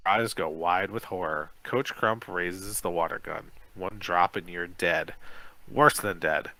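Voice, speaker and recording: A man with a low, bright, forceful voice reads a children's gamebook aloud for a podcast stream. He is casual and now and then trips over a word. The sound is dry and close. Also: measured pace, no room sound, poor audio. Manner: casual, stumbles over words while reading. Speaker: podcast co-host.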